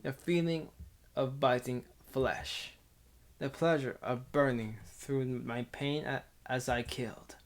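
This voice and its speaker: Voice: medium pitch, fairly even intonation, slow. A streamer reading a visual novel aloud in a casual, giggly way, stumbling and restarting over words between bits of chat. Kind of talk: casual visual novel read-through with commentary.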